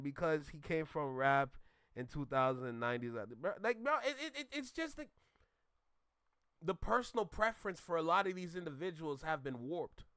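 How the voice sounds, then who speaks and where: A man's voice: on the high side, a bit bright, smooth, no room sound, clean studio sound. A man hosting a reaction channel, ranting casually in an emphatic, slangy way and repeating himself.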